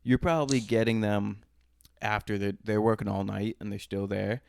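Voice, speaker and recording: Male podcast co-host from Boston, gravelly and low, loose crude delivery. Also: steady tone, normal speed, a little mellow. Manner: loose, crude, laid-back storyteller. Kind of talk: casual storytelling chat.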